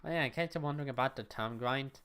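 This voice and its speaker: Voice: mid-range voice, fast talker, a bit bright, smooth. A young adult livestreamer at home, chatting casually with viewers and thinking aloud while playing. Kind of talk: casual gaming stream chat. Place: at home, neighbors next door.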